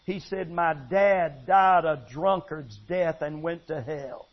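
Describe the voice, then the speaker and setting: A man's voice: fairly high pitch, slow, pitched below the performer's own voice. A man voicing an elderly preacher in his eighties giving an earnest, fervent testimony. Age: 80s. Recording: dull lo-fi sound.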